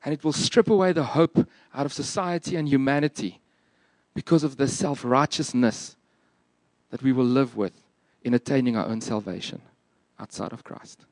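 A man's voice: medium pitch, moderate pace, a little mellow, no echo. A man preaching a sermon in an earnest, emphatic and plain-spoken way. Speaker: pastor.

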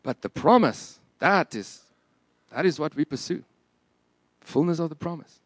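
An earnest male pastor preaching with strong emphasis and a lively, swooping delivery. His voice is fairly high, and the recording is close and dry. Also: unhurried, no room sound. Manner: earnest, emphatic, plain-spoken. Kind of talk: sermon.

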